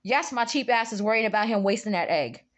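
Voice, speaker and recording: A young woman telling a story in a casual vlog, animated, jumping up high for quoted lines, recorded on a phone. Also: fast talker. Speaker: vlogger. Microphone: phone camera.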